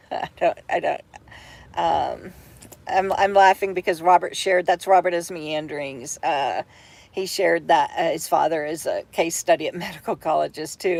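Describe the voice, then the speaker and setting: A tired, brain-foggy woman, chatting on a home livestream from bed, halting and full of fillers and restarts as she reads viewer comments. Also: fairly low pitch, darkish tone, dry recording. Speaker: vlogger hosting a livestream. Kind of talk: rambling livestream chat.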